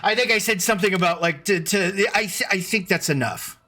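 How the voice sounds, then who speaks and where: Male streamer, high and bright tone, loose rambling chat host, faint music bed. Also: fairly quick. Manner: rambling, restarting sentences, greeting chat by name. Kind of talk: casual live-stream chat. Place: at home computer.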